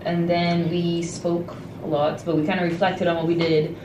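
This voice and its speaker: A young woman recapping the day in a relaxed, hesitant way, with lots of fillers. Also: lowish voice, normal speed, recorded from a distance. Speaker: travel companion. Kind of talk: casual chat. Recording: roomy, off-mic, noisy.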